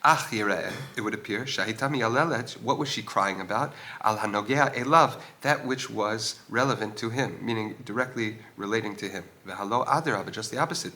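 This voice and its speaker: A man's voice: fairly low pitch, sharp tone. A man teaching a religious text. He reads short passages aloud, translates them, and keeps asking questions of the text. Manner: explanatory, pauses with fillers, asks questions aloud. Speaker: Torah teacher. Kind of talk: text study, reading Hebrew lines and translating them. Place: old stone synagogue.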